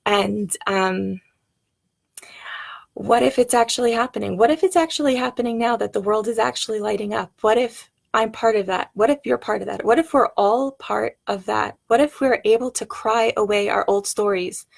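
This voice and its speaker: Gravelly-voiced woman musing softly on camera. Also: on the high side, normal speed. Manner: rambling, searching, many fillers and restarts; soft, heartfelt, wondering what-if questions. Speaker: vlogger. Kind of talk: personal reflective monologue to camera.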